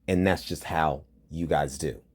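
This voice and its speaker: A man with an unhurried, slightly rough bass voice reads a news story aloud, then breaks into angry, profane commentary. He sounds agitated and heated, switching between flat reading and loud outbursts.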